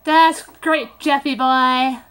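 A high-voiced woman with a bright, sharp tone chats through her game in a loose, excitable way, swearing freely and slipping into giggly outbursts. She talks at an unhurried pace into a phone recording app. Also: clear, resonant tone. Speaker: gameplay commentator. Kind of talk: casual game commentary.

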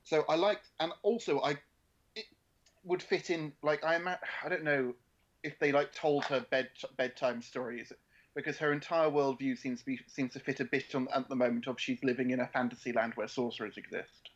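A man co-hosting a casual podcast, talking in halting bursts with many restarts. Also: mid-range voice, steady tone, lo-fi sound. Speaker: podcast co-host.

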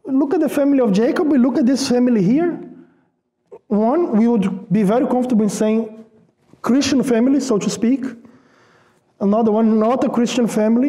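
Guy preaching a sermon, really high mellow voice, chatty, repeats stuff for emphasis. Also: moderate pace. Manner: conversational, repeats words for emphasis; asks the congregation rhetorical questions. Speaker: pastor.

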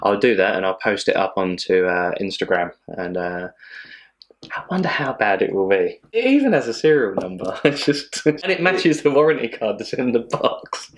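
A man's voice: on the low side, lively intonation, moderate pace. A man co-hosting a watch channel, chatting casually and rambling, laughing often and swearing now and then. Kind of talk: casual chat.

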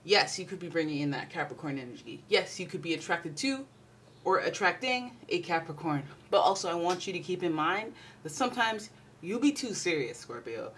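A woman hosting a casual tarot reading, talking in a chatty, playful way. Her voice sits a little low, and she swings between loud bursts and quiet asides. A faint hiss runs under the recording. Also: lively intonation, a little fast. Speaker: tarot reader.

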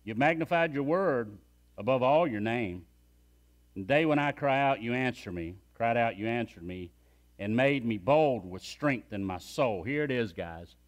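A man's voice: mid-range voice, expressive, unhurried. A man preaching a sermon as pastor, emphatic and calling on the congregation to repeat phrases after him.

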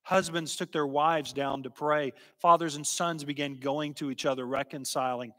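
A man preaching a sermon and telling a story, slow and emphatic, sometimes dropping to a hush. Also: on the high side, steady tone. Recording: long hall reverb.

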